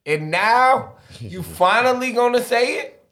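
A man's voice: extremely high pitch, lively intonation, measured pace, bright, forceful tone. A young man on a casual podcast, egging on the storyteller with short interjections and jokes. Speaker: podcast co-host. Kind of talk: casual chat.

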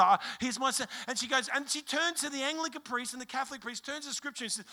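Australian male pastor, middle-aged, high bright voice, emphatic storytelling sermon. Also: quick pace, hardly any pauses. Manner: animated storytelling, emphatic, with many restarts.

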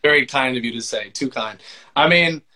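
A man's voice: medium pitch, moderate pace, pushed and bright, a little hiss or hum. A man, a voice actor and musician, talking in a laid-back, self-deprecating way with lots of fillers in a casual interview.

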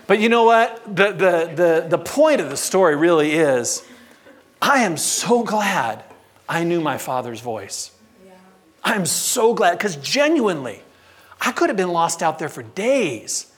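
Male preacher telling a funny personal story to a live crowd, lively and expressive, with a lot of melody in his voice. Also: high voice, unhurried, husky. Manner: animated, humorous, varies his delivery. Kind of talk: sermon storytelling. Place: live venue with audience.

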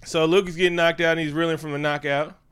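A man co-hosting a casual chat, talking in an animated, profane way and breaking into funny voices. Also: a little high, fast, smooth. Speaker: podcast co-host.

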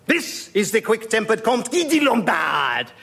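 An actor playing a grandiose, theatrical Voltaire in a put-on outrageous French accent, for a radio comedy sketch. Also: male voice, high voice, huge pitch swings, a little slow, creaky, fairly bright tone, husky, exaggerated voice. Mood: grand. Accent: mock French.

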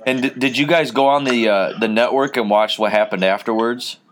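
A man hosting a casual wrestling podcast, telling a long story in a relaxed, rambling way with many fillers. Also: mid-range voice, a little fast, a little hiss or hum. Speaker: podcast host.

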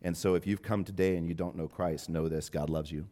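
Deep-voiced guy preaching a sermon, goes from soft and hushed to loud and fired up. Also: steady tone, a little fast. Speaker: pastor.

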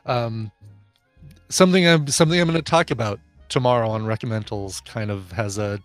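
A man co-hosting a podcast in casual movie chat, animated and laughing often as he retells scenes. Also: medium pitch, brisk, faint music behind. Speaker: podcast co-host.

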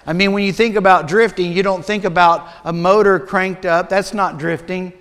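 A man preaching a sermon as a pastor, deliberate and measured, sometimes dropping to a hush. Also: sits high, fairly even intonation, smooth. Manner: slow, deliberate preaching with dramatic drops to a hush. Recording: long reverb of a large hall.

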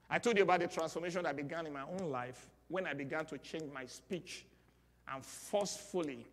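Nigerian pastor preaching, kinda high voice, gets the crowd repeating after him, big echoey hall. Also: male voice. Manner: call-and-response preaching, rising to loud exclamations. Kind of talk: sermon. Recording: long hall reverb.

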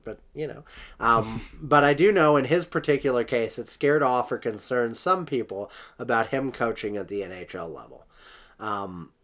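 A man's voice: medium pitch, fairly bright tone. A man co-hosting a casual podcast, reading out quotes and laughing at them wryly. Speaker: podcast co-host. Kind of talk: casual chat.

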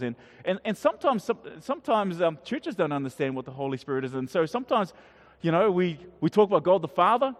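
A middle-aged man preaching a casual sermon to a congregation, talking conversationally with many restarts and questions to the audience. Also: high voice. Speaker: pastor. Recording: long hall reverb.

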